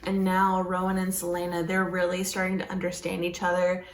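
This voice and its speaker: A woman's voice: lowish voice, completely flat delivery, fairly quick, a little hiss or hum. Chatty woman gushing in a roomy room. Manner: gushing and chatty, frequent "like" fillers. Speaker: book vlogger. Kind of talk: casual reading vlog chat.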